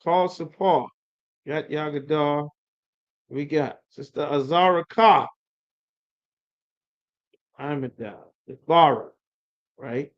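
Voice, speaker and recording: A man's voice: on the high side, slow pace, pauses often. A man teaching a live online scripture class. He calls on students by name, coaxing and chiding them in a slangy, casual way. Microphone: video call. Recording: lo-fi livestream audio.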